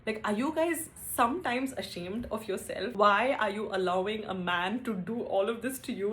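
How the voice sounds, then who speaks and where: A woman's voice: mid-range voice, expressive, moderate pace, few pauses, sharp tone, a little hiss or hum. A woman giving blunt, emphatic relationship advice in a casual vlog, exasperated and swearing freely. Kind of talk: casual advice talk to camera.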